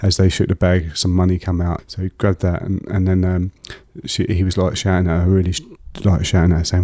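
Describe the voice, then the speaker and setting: A man telling a long personal story as an interview guest, halting with fillers and restarts. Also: low-pitched, flat delivery, mellow, dry recording, clean studio sound.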